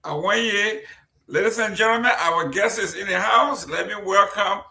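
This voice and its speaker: A man's voice: high voice, moderate pace, creaky, sharp tone. A man from Liberia hosting a live-streamed talk show, chatty and joking as he reads out viewers' greetings. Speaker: host. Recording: roomy echo.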